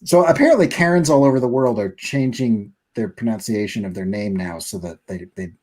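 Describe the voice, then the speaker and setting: A man hosting a casual live stream chat, telling a funny story in an animated way and laughing between lines. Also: on the low side, brisk.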